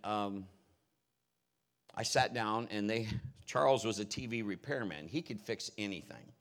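A man's voice: on the low side, fairly bright tone. A male pastor preaching a conversational storytelling sermon in a folksy, personal way with rambling asides.

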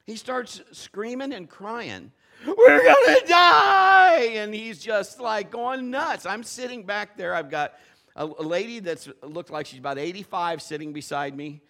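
Animated high-voiced preacher man. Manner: animated, acts out voices, laughs often. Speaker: pastor. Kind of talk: storytelling sermon.

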